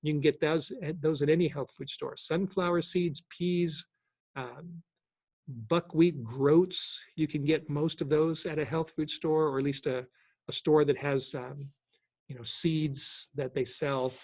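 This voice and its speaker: A husky man in his sixties answers questions on a webinar, easygoing and prone to repeating himself. His voice sits a little high for a man, and the sound is dry and close. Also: no echo. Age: 60s. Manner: halting, repeats words, relaxed. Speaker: host. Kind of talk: casual Q&A webinar.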